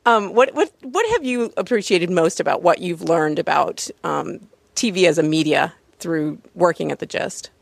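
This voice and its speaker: Chatty gravelly-voiced woman podcast host. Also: fairly low pitch, lively intonation, normal speed, no room sound. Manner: chatty, laughs easily, rambling asides. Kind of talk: casual podcast chat.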